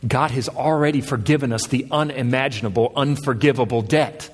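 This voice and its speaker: A man's voice: mid-range voice, brisk, slightly rough, big-room sound. A man preaching a sermon as a pastor, reasoning earnestly with his congregation and pressing his points with rising emphasis.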